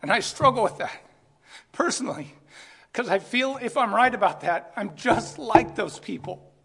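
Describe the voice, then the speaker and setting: A man with a high voice preaches a sermon in a large room with a long, trailing reverb. He talks earnestly, climbs to emphatic peaks and then drops to quiet, low asides. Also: lively intonation, moderate pace, gravelly, husky. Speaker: pastor.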